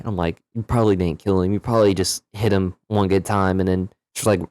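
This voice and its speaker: A man with a fairly low voice tells a story casually to the camera, animated and full of slang and swearing. The sound is close and dry, with no room around it. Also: fairly quick, hardly any pauses, no room sound. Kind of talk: casual story-time vlog.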